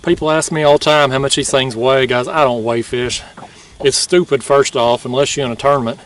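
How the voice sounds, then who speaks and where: A man, chatting excitedly in a fishing vlog from a kayak on open water at night, laughing often and out of breath. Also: medium pitch, fairly quick, far from the mic. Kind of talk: casual vlog narration.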